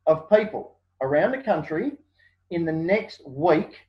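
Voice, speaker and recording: High-voiced man, lively talker. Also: measured pace. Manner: animated storyteller, acts out quotes, many fillers. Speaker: guest. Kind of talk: casual interview chat. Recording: dull lo-fi sound.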